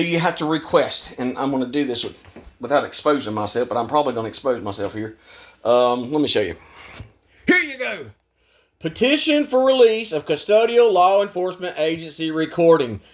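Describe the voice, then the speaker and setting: A man ranting to camera in a vlog. He talks heatedly, repeats words, restarts his sentences and swears. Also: sits high. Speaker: vlogger. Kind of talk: agitated rant to camera.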